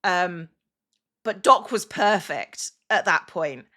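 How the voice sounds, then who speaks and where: A woman's voice: on the low side, expressive, slow, pushed and bright. A woman, a streamer, chatting casually and emotionally on a livestream. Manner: chatty and emotional, with many restarts and "like" fillers.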